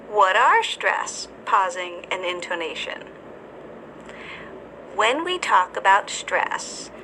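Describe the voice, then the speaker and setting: A woman with a bright, clear voice delivers a scripted English lesson. She speaks slowly and deliberately, pronouncing every word with care, at a middle pitch, with a faint hiss of noise behind her. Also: rough recording. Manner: slow, deliberate, careful enunciation. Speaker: English teacher.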